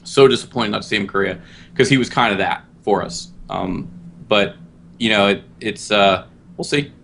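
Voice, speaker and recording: A man's voice: fairly low pitch, moderate pace, creaky, fairly bright tone, a little hiss or hum. A man guest co-hosting a casual gaming podcast, talking in a brash, joking way with plenty of swearing. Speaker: guest co-host.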